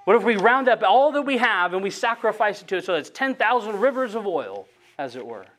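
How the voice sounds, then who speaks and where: A man with a notably high voice delivers an earnest sermon. He reads scripture aloud and presses hard on key phrases, then eases back as he explains them. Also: very animated, a little fast, fairly bright tone. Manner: earnest expository preaching, reading scripture aloud with rising emphasis. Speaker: preacher.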